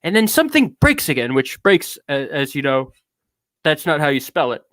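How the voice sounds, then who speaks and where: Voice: mid-range voice, very animated, moderate pace, a bit bright, no echo. A streamer putting on an affected British accent to read out an anguished man's confession with theatrical grandeur. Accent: put-on British. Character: grandiose anguished man reading his own confession. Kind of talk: dramatic reading of a text.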